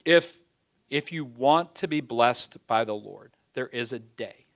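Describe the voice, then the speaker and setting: A man's voice: medium pitch, a little slow. Man preaching with dramatic swings. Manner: dramatic, swings from loud pleading to hushed; folksy everyday phrasing. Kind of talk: sermon.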